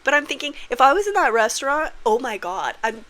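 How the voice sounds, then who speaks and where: A woman's voice: sits high, sing-song, a little fast, fairly bright tone. A woman vlogging about manifestation in a casual, candid monologue, swearing freely and acting out scenes with big voices.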